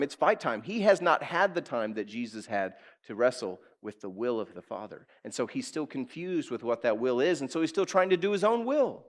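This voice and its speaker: A male pastor delivering a sermon in a conversational, animated manner. He fires direct questions at his listeners and slips into acted-out quotes. His pitch sits in the middle range. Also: moderate pace. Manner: animated preaching, acts out quotes.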